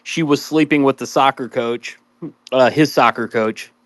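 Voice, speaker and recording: A man's voice: mid-range voice, unhurried, fairly bright tone, no room sound. A middle-aged man on a podcast panel, speaking candidly and joking in casual group chat. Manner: candid, joking, trailing off with fillers.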